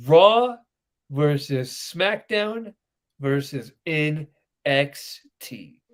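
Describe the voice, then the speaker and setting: A man co-hosting a casual podcast from his home. His voice sits a little high, and he banters loudly and excitably with his co-host. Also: extremely slow. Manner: loud, excitable banter that swings to soft baby talk.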